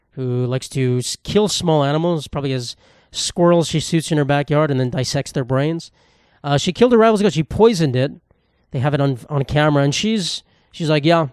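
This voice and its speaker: A man's voice: on the high side, a little mellow, smooth, dry recording, clean studio sound. A young man from New York hosting a casual solo podcast in a rambling, sarcastic, profane way. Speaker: podcast host.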